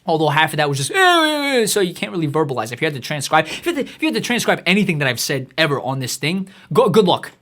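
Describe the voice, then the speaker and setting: A man's voice: a little high, expressive, very fast, few pauses, a bit bright. A man hosting his own podcast, delivering a rambling, profanity-heavy comedic rant that is exasperated and mocking and full of restarts. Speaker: podcast host.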